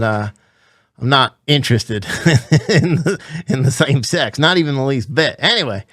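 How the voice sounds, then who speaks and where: A man's voice: on the high side, clean tone, no room sound, clean studio sound. A man putting on a Southern gym guy drawl. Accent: put-on Southern US. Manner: excited, profane, laughing, animated. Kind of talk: comic storytelling.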